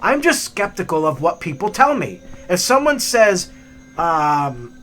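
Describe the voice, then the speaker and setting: A man hosting a hiking vlog and telling stories in an animated, chatty way with many fillers. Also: high voice, unhurried. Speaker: hiking vlogger. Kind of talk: storytelling narration.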